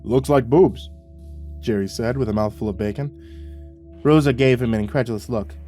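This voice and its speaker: A man reading a horror story aloud as a narrator, in a wry, measured manner. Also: fairly low pitch, darkish tone, soft background music.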